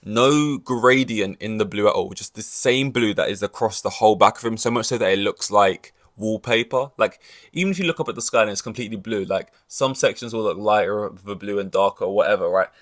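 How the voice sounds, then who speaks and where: A man's voice: on the low side, a little fast, fairly bright tone. A man hosting a podcast in loose, rambling casual chat, full of "like" and the odd swear word. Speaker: podcast host.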